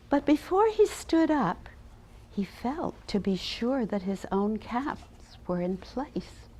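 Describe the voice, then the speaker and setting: A woman educator giving a dramatic storybook reading, then talking about teaching. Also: fairly high pitch. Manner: dramatic, with hushed and loud turns. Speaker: early childhood educator.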